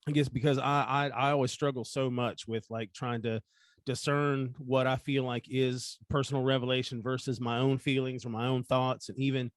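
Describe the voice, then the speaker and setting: A man's voice: medium pitch, flat delivery, normal speed, no echo, clean studio sound. Earnest man in a scripture chat. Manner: earnest, restarts his sentences often. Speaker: podcast co-host. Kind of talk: casual scripture discussion.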